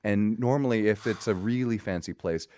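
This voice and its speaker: A man hosting a casual radio chat, explaining food in a relaxed way with many fillers. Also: on the low side, normal speed. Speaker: radio host.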